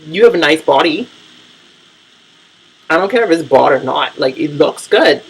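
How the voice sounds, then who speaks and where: A man's voice: a little high, expressive, moderate pace, gravelly, breathy edge, rough recording. A man vlogging casual reality-TV commentary, blunt, profane and gossipy.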